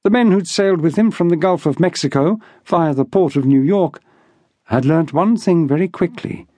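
A man narrating an audiobook in a measured, even storytelling delivery. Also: on the high side, no room sound.

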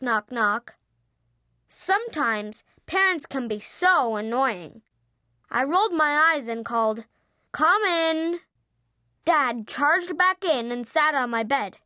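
A high, bright narrator reads a children's audiobook in the first person, with a lively, expressive telling. The pace is unhurried, and the studio sound is dry and close. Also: no echo.

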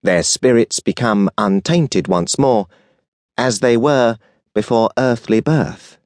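A man voicing a stern, measured male angel in an audiobook, speaking slowly and deliberately in a lowered tone. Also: a little mellow, no echo, clean studio sound, lightly acted. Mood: solemn. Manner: slow, deliberate, lowered delivery. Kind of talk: audiobook character voice.

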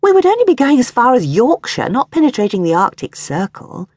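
A woman voicing a gentle, wistful young wife and mother who pleads earnestly in an audiobook reading. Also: a little high, big pitch swings, a little fast, husky, no room sound, pitched above the performer's own voice. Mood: pleading.

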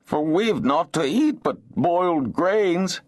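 Male narrator doing a whiny, stammering slob of a cotholder, pitched up high. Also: animated, slow, dry recording, studio quality. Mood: whining. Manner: high plaintive whine, stammering. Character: whining slovenly male cotholder, sniveling.

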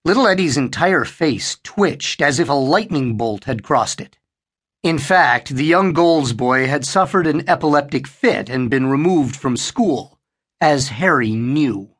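A man narrating a horror audiobook in an expressive storytelling style. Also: a little high, measured pace, breathy edge. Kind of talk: scripted narration.

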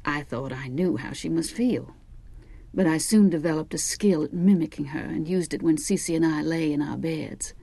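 A woman narrating a novel in the first person, with measured, wry storytelling. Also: sits low, vocal fry, mellow, breathy edge, no echo. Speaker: audiobook narrator.

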